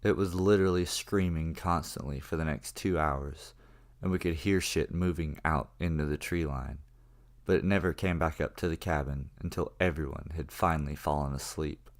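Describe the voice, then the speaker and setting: A man's voice: a bass voice, moderate pace. A man narrating a horror story in a casual, profane first-person manner. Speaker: creepypasta narrator.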